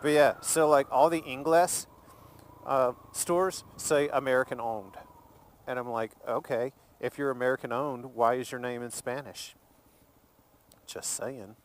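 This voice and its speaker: A man's voice: mid-range voice, steady tone, measured pace. A man, from Alabama, rambling and joking in a casual vlog while driving his car. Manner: chatty, rambling, jokey, laughs easily. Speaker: vlogger.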